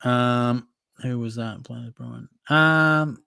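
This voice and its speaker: A casual Australian man reads out viewer questions and answers them in an easy, chatty way, calling people mate. His voice sits at a middling pitch. The sound is close and dry, with no room echo. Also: slow pace, vocal fry, sharp tone, smooth. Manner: casual, matey, conversational, hedging fillers. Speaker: fantasy football podcast host.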